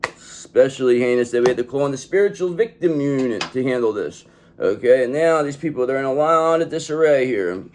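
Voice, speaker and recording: Animated man in tough-guy tarot talk. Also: brisk, slight background noise. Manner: animated, streetwise gangster-style talk with repeated "okay?"; acts out pleading enemies in a high voice. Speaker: tarot reader. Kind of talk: tarot reading monologue.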